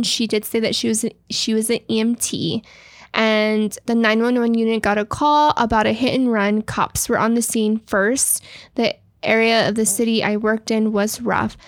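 A woman with a Texan accent hosts a chatty podcast, her voice set a bit high. She reads listener stories with open feeling, and the sound is dry and close with no room around it. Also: no echo. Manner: emotional, tearful at sad parts. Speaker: podcast co-host. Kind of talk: casual podcast chat, reading a listener story.

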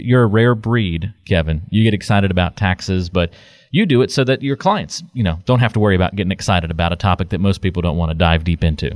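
A man's voice: on the low side, a little mellow, no room sound, clean studio sound. A man co-hosting a podcast, chatting in an upbeat, easygoing way and bringing in the guest. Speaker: podcast co-host. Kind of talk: casual podcast chat.

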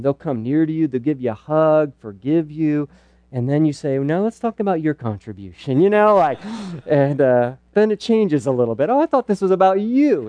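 Man, middle-aged, church teaching talk, conversational, warm dark tone, dry room. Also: medium pitch, smooth, no room sound. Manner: earnest and conversational, with playful asides. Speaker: pastor speaking at a parenting night.

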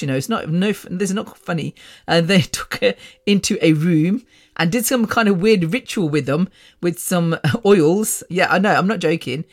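A woman from England, hosting a podcast and telling personal stories in a frank, chatty way, often laughing. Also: fairly low pitch. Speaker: podcast host. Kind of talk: casual storytelling monologue. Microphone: podcast microphone.

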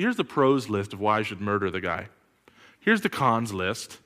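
A man preaching a sermon as pastor, animated and full of rhetorical questions, with sudden loud bursts. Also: fairly low pitch, normal speed. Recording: long hall reverb.

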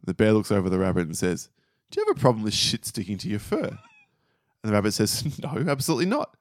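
A man with a lowish voice talks quickly in casual podcast banter, telling jokes in a dry, teasing way. The recording is close and dry. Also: huge pitch swings, dry recording. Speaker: podcast co-host.

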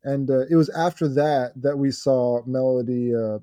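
Mellow-voiced man in dry casual chat. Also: medium pitch, fairly even intonation, normal speed, no echo. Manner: questioning, corrects details, hesitant with "uh" fillers. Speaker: podcast co-host.

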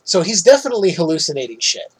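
Podcast co-host, man, slightly raised pitch, breathy edge, lively recap with laughs. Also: rapid-fire. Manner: animated, laughs often, swears freely. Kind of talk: casual movie recap chat.

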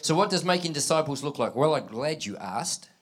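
A man preaching a sermon to a live congregation, animated, acting out scripture dialogue and prompting listeners with call-and-response. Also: a little high, brisk. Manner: acts out quoted dialogue in scripture.

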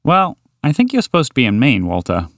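A man voicing an enormous, eccentric male horse who talks in a polite, excitable way. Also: medium pitch, a little fast, vocal fry, no echo, clean studio sound, pitched above the performer's own voice. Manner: polite and dreamily enthusiastic.

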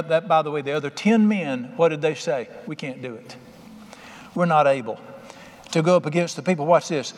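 A man preaching a sermon as pastor, folksy and animated, with punchy asides. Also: fairly high pitch. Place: church sanctuary. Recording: long echo of a church hall.

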